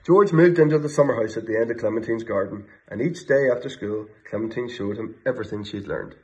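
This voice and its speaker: A man reads a children's picture book aloud, gentle and expressive, his voice sitting at an ordinary middle pitch. The recording is a little dull and lo-fi, like a home phone video. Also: fairly quick. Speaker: storybook reader. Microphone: phone or camera video. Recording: slightly muffled lo-fi sound.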